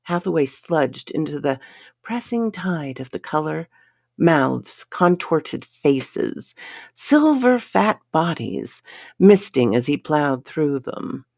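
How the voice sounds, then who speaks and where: A woman narrating a pulp science fiction story in a dramatic, unhurried reading style. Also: low voice, very animated, gravelly, darkish tone, dry recording, clean studio sound.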